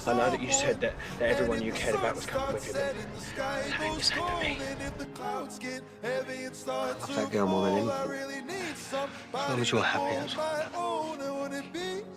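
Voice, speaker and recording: An actor playing a battered but devoted working-class dad in a British soap drama, tender and earnest. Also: male voice, very high-pitched, wildly swooping pitch, moderate pace, pauses often, full character voice. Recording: loud music bed under dialogue.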